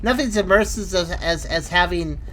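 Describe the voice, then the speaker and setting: A woman's voice: lowish voice, normal speed, fairly bright tone. A woman giving casual let's-play commentary, exclaiming and thinking aloud as she plays. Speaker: gameplay commentator.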